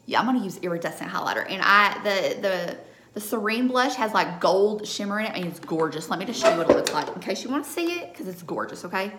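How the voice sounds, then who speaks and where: Fast and expressive, a young woman with a fairly bright, mid-range voice chats through a live makeup tutorial at home beneath a ring light. She keeps checking in with viewers, asking "okay?" after nearly each step, in an echoey room with a little hiss or hum.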